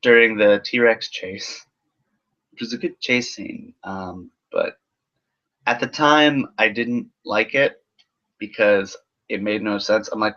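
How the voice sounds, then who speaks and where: A man's voice: fairly low pitch, slow, a bit bright. A man giving a casual, rambling film review full of sarcasm and swearing. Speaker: movie reviewer. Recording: dull lo-fi recording.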